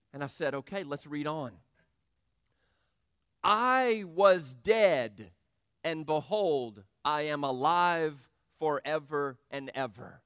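A man with a high voice delivers a sermon, quoting scripture and acting out both sides of conversations in an animated way. The sound is dry and close, with no room echo. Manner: animated, quotes scripture and acts out dialogue. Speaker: preacher.

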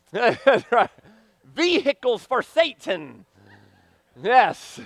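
High-voiced, slow-paced preaching man. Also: dry recording. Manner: animated preaching, swinging from loud to hushed. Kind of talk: sermon.

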